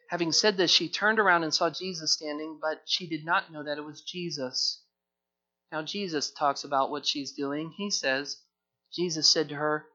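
A man preaching an expository sermon, earnest and repetitive, moving from hushed tones to fervent emphasis. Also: a little high, fairly even intonation, moderate pace, highs cut off. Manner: earnest, repeats words, swings from hushed to fervent. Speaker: pastor.

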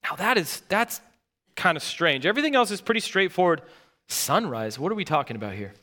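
A male pastor delivers a sermon with a high, bright voice that keeps an edge of intensity. He hammers his points home by repeating key words and phrases. His delivery is emphatic and earnest throughout. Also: big pitch swings, a little fast.

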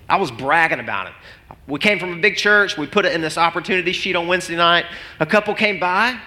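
A middle-aged man from Arkansas, telling a story in a sermon and acting out each voice with big swings in pitch. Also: quick pace. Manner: animated, acts out both sides of his stories with big pitch swings. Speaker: pastor. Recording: long hall reverb.

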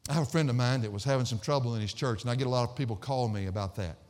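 A middle-aged male pastor preaching a sermon, emphatic and swinging from loud sarcastic peaks down to quiet low endings. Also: rapid-fire. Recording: hall reverb.

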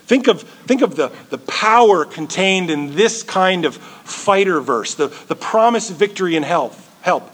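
Brief: male pastor, sermon delivery, earnest, somewhat high voice, restarts phrases. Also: animated, measured pace, hardly any pauses, fairly bright tone. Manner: earnest, repeats words as he builds. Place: church.

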